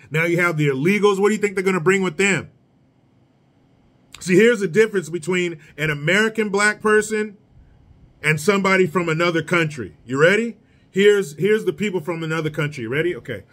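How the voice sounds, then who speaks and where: A man's voice: on the high side, a bit bright. A man delivering a solo commentary rant in a sarcastic, mocking, blunt manner. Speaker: political commentator.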